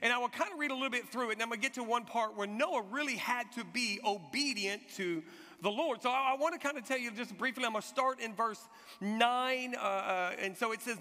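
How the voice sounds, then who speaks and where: High, bright-voiced pastor in echoing hall. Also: male voice, brisk. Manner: animated storytelling with call-and-response. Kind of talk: sermon. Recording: long hall reverb.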